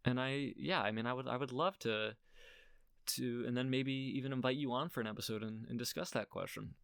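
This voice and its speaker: A man's voice: mid-range voice, creaky, a bit bright, dry recording, studio quality. A young man hosting a solo podcast, talking earnestly in a rambling way and laughing at himself now and then. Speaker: podcast host. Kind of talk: casual solo podcast talk.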